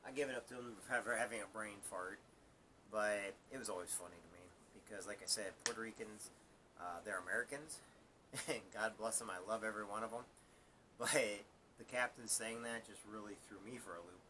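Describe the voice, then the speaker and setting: Male live-stream host, ex-Marine sergeant, rambling and laughing, somewhat low pitch. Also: brisk, sharp tone, a little hiss or hum. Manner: rambling, laughs at his own story, repeats words. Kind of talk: casual storytelling on a live stream.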